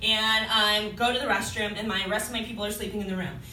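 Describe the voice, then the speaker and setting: A woman's voice: medium pitch, steady tone, fast. A woman in her twenties telling a stand-up comedy story to a club audience, chatty and laughing between lines. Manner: chatty storytelling with frequent laughs and acted quotes. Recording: roomy club sound, distant mic, audience noise. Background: audience murmur and laughter.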